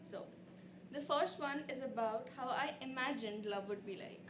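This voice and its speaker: A woman reading short love poems at an open mic, with a soft, hesitant start. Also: high voice, moderate pace, reverberant, noisy background. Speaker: poet performer. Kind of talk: poetry reading.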